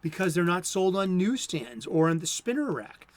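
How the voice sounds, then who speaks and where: A man in his fifties who hosts a comic book show, talking in an opinionated, conversational monologue with some halting restarts. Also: high-pitched, big pitch swings. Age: 50s. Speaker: comic book video host. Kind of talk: casual monologue.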